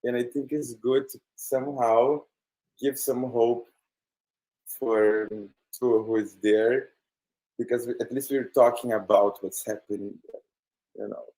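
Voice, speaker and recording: A man's voice: mid-range voice, fairly even intonation, measured pace, pauses often, dark tone, rough recording. A man from Brazil talking earnestly and hesitantly about his brother's film in a virtual Q&A. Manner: earnest, hesitant, many fillers. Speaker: film guest. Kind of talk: virtual Q&A conversation.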